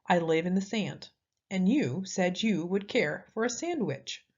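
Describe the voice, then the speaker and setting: A woman's voice: fairly low pitch, lively intonation, unhurried, slightly rough. Woman playing a cackling bossy storybook sand creature, muffled recording.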